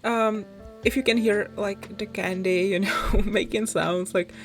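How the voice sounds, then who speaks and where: A woman's voice: mid-range voice, fairly even intonation, measured pace, faint music behind. Chatty woman talking around a mint candy. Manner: rambling, apologetic, giggly. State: sucking a mint candy, slight mouth sounds; sore throat, coming down sick. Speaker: gaming channel host. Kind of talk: casual chatty voice-over of game play.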